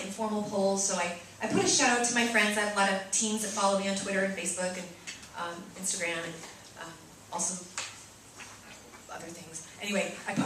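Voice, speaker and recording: Chatty nun in an echoey room. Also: female voice, mid-range voice, fairly bright tone, a little hiss or hum. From Boston, USA. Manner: chatty storytelling, asks "right?" often. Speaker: Catholic sister giving a talk. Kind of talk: lively talk to students and parents. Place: large room with an audience. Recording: echoey room, mic far off.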